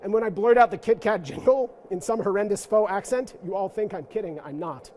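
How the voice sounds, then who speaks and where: In a church forum room, a man speaking as guest lecturer keeps his interactive talk playful, poking fun at himself and tossing in jokes. He talks briskly in a high, darkish voice.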